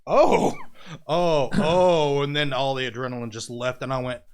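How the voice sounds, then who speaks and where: Speaking at a measured pace, this man has a medium-pitched, clear, resonant voice. He's an independent wrestler guesting on a laid-back podcast, narrating a tale through quoted voices and sound effects and frequently breaking into laughter.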